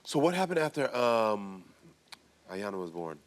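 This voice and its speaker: A man's voice: on the low side, very animated, moderate pace. A man hosting a talk show, guiding a guest's story with short, sympathetic responses and questions.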